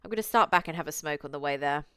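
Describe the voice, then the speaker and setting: A woman's voice: low-pitched, very fast, sharp tone, clear, resonant tone, dry recording. A young woman streamer reading a visual novel aloud, with chatty, cursing asides to her chat.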